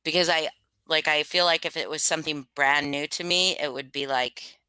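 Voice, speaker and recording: A woman's voice: low voice, steady tone, normal speed, sharp tone, clean tone, no echo. A woman hosting a casual livestream, chatting loosely with many fillers and restarts. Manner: rambling, filler-heavy, self-conscious. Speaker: livestream host reading stories.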